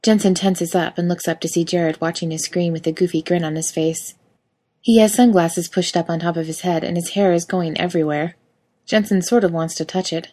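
Brief: female reader, slightly low pitch, wry lively storytelling. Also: fairly quick. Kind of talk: reading fan fiction aloud.

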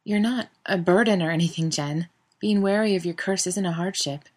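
A woman reading the lines of a young adult man, soft, apologetic and eager. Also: fairly low pitch, moderate pace, close to an everyday voice. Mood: earnest. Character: young adult man, gentle and anxious lover.

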